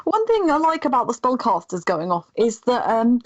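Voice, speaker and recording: A woman's voice: fairly high pitch, sing-song, moderate pace, dry recording, dull audio. A woman chatting enthusiastically on a game podcast panel. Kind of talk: casual panel chat.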